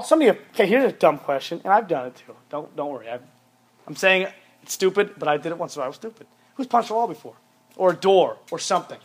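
High-voiced, blunt male youth preacher. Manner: emphatic, repetitive, blunt. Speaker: youth pastor. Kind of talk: sermon to young people.

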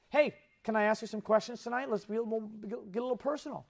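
A man with a notably high voice preaches to a youth group, animated and lively. He delivers his sermon with energy, slipping into playful impressions of the kids he talks about. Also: quick pace, gravelly, few pauses. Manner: animated, mimics kids' voices in anecdotes. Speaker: youth pastor. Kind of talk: sermon to teenagers.

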